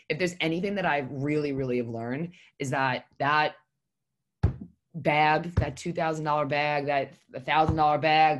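A woman with a notably deep voice talks casually, sharing a personal story. She is blunt and emphatic, swearing freely, and speaks from the heart in a confessional way.

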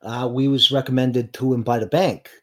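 A man voicing a gruff middle-aged male contractor and father, with a put-on Boston accent and a blunt, folksy way of talking. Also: medium pitch, fairly even intonation, a bit bright, natural voice. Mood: evasive. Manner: blunt, folksy, quick to bristle.

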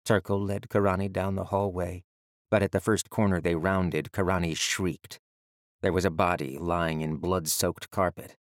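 Low-voiced male audiobook narrator. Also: flat delivery, normal speed, no echo, clean studio sound.

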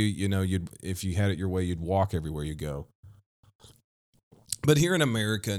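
A man in his thirties, a pastor hosting a podcast, talking unscripted in a candid, rambling way with frequent restarts. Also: low voice. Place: Kansas City, USA.

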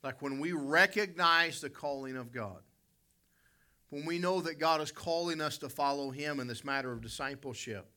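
A middle-aged American man from West Virginia preaching, his voice very bright and forceful. He speaks straight to the congregation and drifts into a rambling personal anecdote, stopping to fix his own words. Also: fairly high pitch, normal speed. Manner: storytelling, self-correcting, addresses congregation directly.

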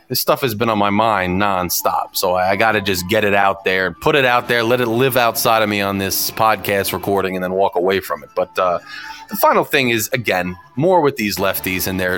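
A podcast host living near New York City rants alone about politics, opinionated, frustrated, and repetitive, imitating his opponents in whiny voices. His voice is lowish and a bit bright.

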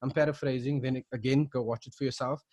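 A man's voice: medium pitch, fairly even intonation, quick pace, darkish tone. A man from South Africa co-hosting a casual podcast, retelling events with lots of restarts and fillers. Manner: rambling, many restarts and fillers. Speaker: podcast co-host.

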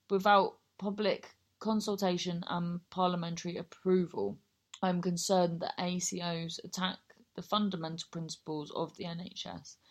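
A young woman with a southern English accent, a comedian chatting casually and telling rambling, sweary stories. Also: on the low side. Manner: sweary, rambling, animated storytelling. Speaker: stand-up comedian hosting a podcast. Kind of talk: casual chat.

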